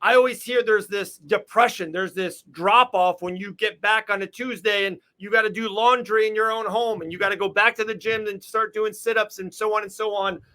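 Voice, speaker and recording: Florida guy hosting a podcast, high bright voice, rambly excited questions. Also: a little fast, few pauses. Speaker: podcast host. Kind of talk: casual interview.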